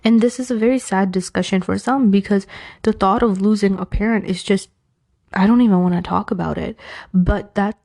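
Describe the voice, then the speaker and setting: This is a woman with a New York accent talking through casual life advice as a podcast host. Her voice is mellow and warm and sits at an everyday pitch for a woman. She talks in a chatty, animated way and drifts into playful, self-mocking asides.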